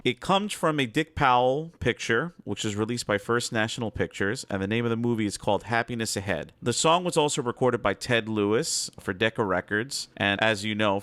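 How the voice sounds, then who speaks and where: A man's voice: on the low side, fairly bright tone. A man giving a casual, upbeat music trivia segment as a guest, chatty and prone to digressions.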